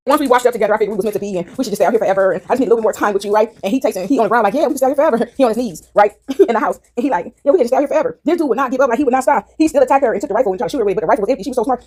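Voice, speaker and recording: A woman casually retelling a movie plot to her listeners, animated and laughing often. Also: on the high side, rapid-fire, hardly any pauses.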